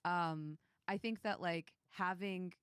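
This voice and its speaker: A woman's voice: lowish voice, steady tone, takes it slowly, a bit bright, clear, resonant tone, no echo, clean studio sound. A woman game master on a panel, talking animatedly and acting out quotes as she talks with her hands. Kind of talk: casual panel discussion.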